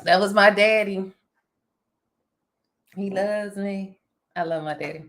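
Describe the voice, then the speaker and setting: A woman hosting a casual chat, animated and talkative, laughing often. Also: medium pitch, slow pace. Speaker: vlog host.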